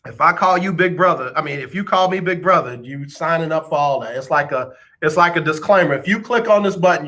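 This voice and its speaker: In a casual, joking radio chat, a man on the air ribs his listeners playfully. He has a bright, forceful voice pitched a bit high and speaks to the audience like longtime pals.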